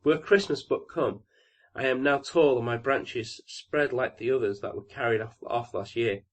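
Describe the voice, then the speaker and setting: A man's voice: medium pitch, moderate pace, lightly acted. A man voicing a young fir tree in a storybook reading, eager and full of longing questions.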